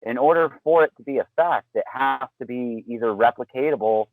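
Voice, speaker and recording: Dry-miked man explaining in measured tones. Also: medium pitch, no room sound, narrow, tinny audio. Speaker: podcast guest. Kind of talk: casual podcast chat.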